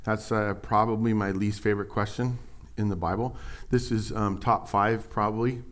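A middle-aged man preaching a sermon, animated and joking, acting out voices as he tells stories. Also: fairly low pitch, normal speed. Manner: animated storytelling, acts out voices, jokes and sarcasm. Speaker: pastor.

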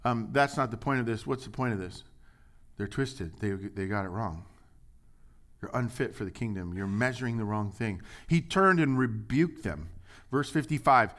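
A man delivers a sermon from the pulpit in a mid-range voice. He acts out scripture quotes with raised energy. Then he falls back to low, confiding remarks. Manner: animated, swings between loud acted quotes and quiet asides. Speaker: pastor.

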